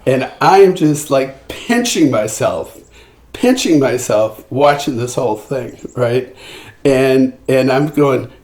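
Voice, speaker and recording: Older male singer-songwriter guest, mid pitch, animated storyteller, roomy echo. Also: slow pace. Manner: animated anecdotes with acted-out quotes and frequent restarts. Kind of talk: storytelling in a podcast interview.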